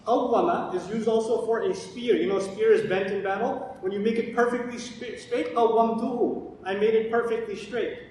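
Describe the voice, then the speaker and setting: A man's voice: steady tone, normal speed, few pauses, a little mellow. A man teaching Quran commentary, asking his audience questions and answering them himself. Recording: echoey hall, distant mic, faint rumble.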